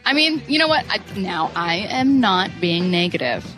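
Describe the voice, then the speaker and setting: A woman's voice: mid-range voice, big pitch swings, fairly bright tone, faint music behind, low-quality recording. A woman co-hosting a sports radio show, chatting casually, teasing her co-hosts and laughing often. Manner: playful, teasing, quick laughs.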